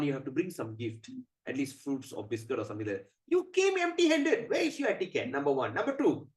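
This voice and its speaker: A man voicing an offended male god who scolds a guest with loud, accusing rhetorical questions in a storytelling sermon. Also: mid-range voice, natural voice.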